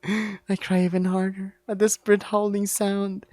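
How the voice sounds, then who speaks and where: A man's voice: high voice, level tone, measured pace, a little mellow, no echo, pitched above the performer's own voice. A man reading the inner monologue of a naive, anxious young male deer in a visual novel, dramatic and despairing. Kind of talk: visual novel read-aloud.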